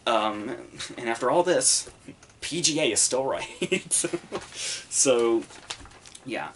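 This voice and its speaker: A man's voice: medium pitch, expressive, takes it slowly, slight background noise. A man hosting a podcast, giving casual solo commentary in a rambling, profane way full of fillers. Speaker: podcast host reviewing the Oscars.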